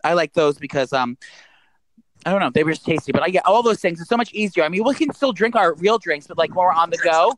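With poor audio and slight background noise, a fast-talking man co-hosts a podcast in a fairly high voice with lively intonation. He chats and rambles, filling it with "like" and "um," and reads out his own promos.

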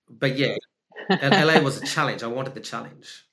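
Man, Australian accent, animated, emphatic, candid storytelling, echoey room. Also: mid-range voice, normal speed, a loud crowd. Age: adult with young children. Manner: animated, emphatic, acts out his own inner dialogue. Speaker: actor and podcast guest. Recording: roomy echo.

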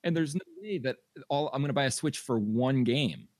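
A man's voice: medium pitch, moderate pace, a little mellow, no room sound. A man co-hosting a casual gaming podcast, arguing his opinions in a conversational way. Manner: opinionated, argues his point. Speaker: podcast co-host.

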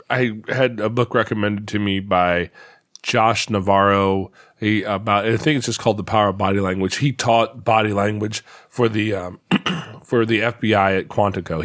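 A man's voice: lowish voice, fairly even intonation, normal speed, a bit bright, no room sound, clean studio sound. A man in his thirties talking casually from his home office, reflective and full of restarts. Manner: reflective, storytelling, many restarts. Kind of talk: casual conversation.

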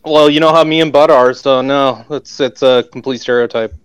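A man's voice: mid-range voice, fairly even intonation, normal speed, clean tone, dry recording. Profane Canadian man telling a story. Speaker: guest. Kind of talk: casual storytelling.

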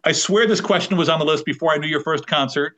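A man's voice: on the high side, fast, bright, forceful tone. A man hosting a podcast interview, upbeat with easy questioning. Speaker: podcast host.

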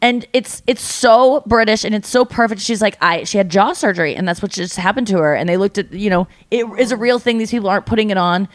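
A woman's voice: medium pitch, fast, few pauses, dry recording, clean studio sound. A woman hosting a podcast, chatting casually and acting out stories with quoted voices. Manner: animated storyteller, acts out quotes. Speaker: podcast host. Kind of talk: casual chat.

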